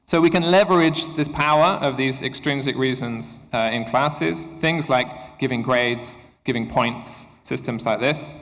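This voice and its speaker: A man of middle pitch presents a workshop to a room of teachers. He keeps it engaging and often checks in with the audience. His voice carries a long hall reverb. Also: measured pace, few pauses, a bit bright. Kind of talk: conference workshop talk. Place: conference lecture room.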